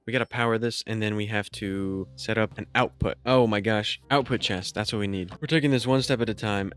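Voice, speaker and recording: A young man talks through his gameplay in a casual, excitable way, mocking himself as he goes. His voice sits fairly low for a man, and he thinks aloud while he works things out. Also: clear, resonant tone. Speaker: gaming YouTuber.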